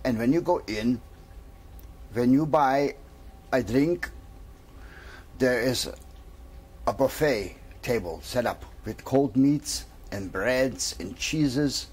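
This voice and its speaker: A man voicing a German traveler who boasts about his home cafe, proud and unhurried. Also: medium pitch, darkish tone, breathy edge.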